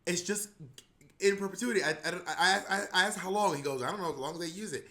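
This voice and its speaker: A man co-hosting a podcast in casual chat, animated and laughing, often acting out voices. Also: sits high, fast. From not from New York. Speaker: podcast co-host.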